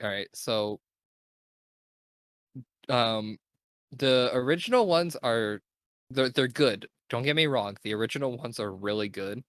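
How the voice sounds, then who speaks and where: A man's voice: medium pitch, unhurried, long pauses, fairly bright tone, dry recording. Chatty young man with a dry close sound. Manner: rambling, enthusiastic, self-correcting. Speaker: podcast host. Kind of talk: casual gaming podcast chat.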